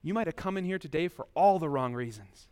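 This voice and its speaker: Man, pastor, sermon, high voice, conversational, talks straight to the congregation. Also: animated, fast, a little mellow, clean tone. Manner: conversational, addresses listeners directly with rhetorical questions.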